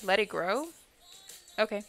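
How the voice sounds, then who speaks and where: A young adult woman chats casually with viewers while playing on a gaming live stream, swearing freely and blurting out exclamations. Her mid-range voice is expressive and unhurried, with faint music in the background.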